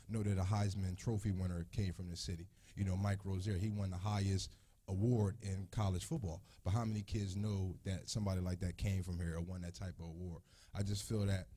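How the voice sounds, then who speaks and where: Husky-voiced man at a community meeting. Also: dark tone. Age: 30s. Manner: heartfelt, voice rising high with emotion. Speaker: community member; youth football coach. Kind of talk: emotional personal testimony.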